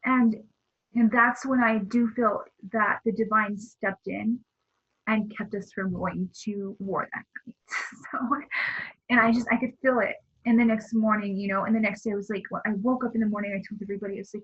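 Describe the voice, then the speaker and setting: A woman speaking as a guest in a spiritual interview, earnest and halting, often restarting her sentences. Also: a little high, fairly even intonation, slightly rough, highs cut off.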